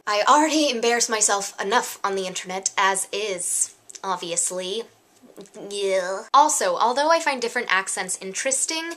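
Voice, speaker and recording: A woman's voice: mid-range voice, sharp tone. A young woman with an American accent, chatting sarcastically to camera in a casual vlog. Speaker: vlogger.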